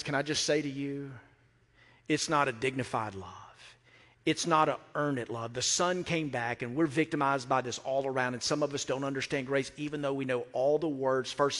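A man's voice: medium pitch, fairly even intonation, moderate pace, a bit bright. A middle-aged man preaching a sermon, emphatic and repeating phrases, asking the congregation questions. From Mississippi. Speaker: pastor. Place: church sanctuary. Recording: reverberant hall.

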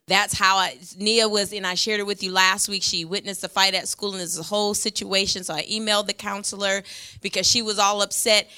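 Bright-voiced woman preaching with passion. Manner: passionate, emphatic preaching that swells in pitch and volume. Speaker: pastor. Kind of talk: sermon.

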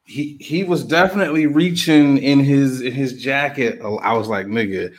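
A man in casual conversation, animated and profane, slipping into quick impressions of the people he talks about. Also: medium pitch. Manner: animated, profane slang, acts out quotes. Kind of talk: casual chat about a music event.

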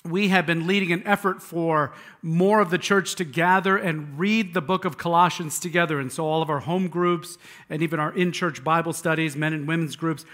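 A man's voice: fairly high pitch, fairly even intonation, moderate pace, a bit bright. A male pastor preaching a conversational sermon with casual asides and restarts in a church sanctuary.

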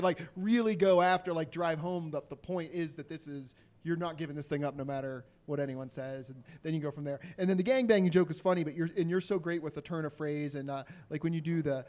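A man's voice: fairly high pitch, quick pace, darkish tone. A man giving earnest, rambling feedback on a comedian's jokes. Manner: rambling, earnest, many fillers. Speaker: comedy judge.

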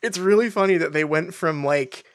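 Wry, animated podcast co-host with a dry sound. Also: medium pitch, moderate pace, dry recording. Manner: animated, wry, frequent restarts. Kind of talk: casual book discussion chat.

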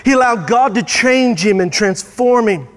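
A male pastor delivers a sermon, swinging into emphatic, rising bursts. His voice sits unusually high. A long hall reverb trails behind every phrase. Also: lively intonation, normal speed.

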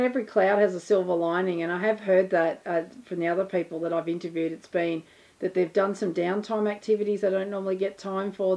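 A woman's voice: mid-range voice, vocal fry, dark tone, lo-fi sound. A woman hosting a podcast, chatting casually with her stepson and laughing at herself. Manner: chatty, self-deprecating, laughs easily. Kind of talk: casual interview chat.

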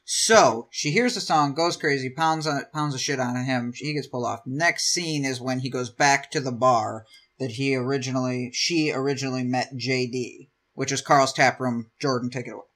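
A woman's voice: very deep voice, a bit bright. A woman co-hosting a podcast, bluntly recapping a show and chiming in with swearing. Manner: quick to chime in, blunt, swears casually. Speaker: podcast co-host.

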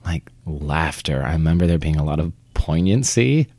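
Young theater guy from vermont, really deep voice, chatty, kinda self-deprecating, dry close mic. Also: animated, normal speed, mellow, dry recording. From Vermont, United States. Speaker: interviewee, theater actor. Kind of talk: conversational interview.

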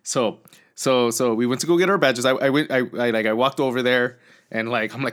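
Brief: guy, mid-pitched, loose rambling storyteller with lots of "like" and restarts. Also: brisk, a bit bright. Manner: rambling storyteller, acts out quotes, many fillers and restarts. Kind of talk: casual chat.

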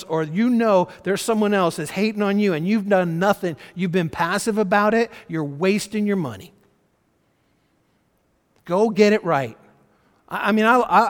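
Man preaching, earnest and conversational, fairly high voice, long hall reverb. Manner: earnest, conversational preaching with swings from loud emphasis to soft. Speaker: pastor. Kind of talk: sermon.

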